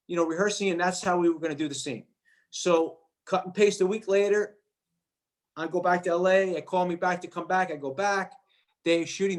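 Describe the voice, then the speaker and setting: Man telling a story with quick restarts. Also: sits high. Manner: lively anecdote-telling, acts out quoted voices, repeats words. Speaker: actor guest. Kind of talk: animated storytelling.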